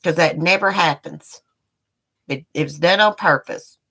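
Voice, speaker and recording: Middle-aged woman streamer, low-pitched and forceful, cursing through a heated rant. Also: measured pace. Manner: heated, profane, talks straight to viewers. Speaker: YouTube live streamer. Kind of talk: angry live-stream rant.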